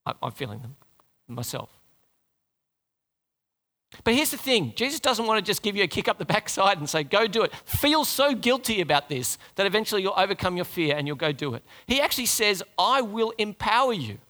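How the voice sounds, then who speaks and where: A man with a high, bright voice preaches a sermon. He keeps it conversational and animated and often stops to put questions to his listeners. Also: fairly quick.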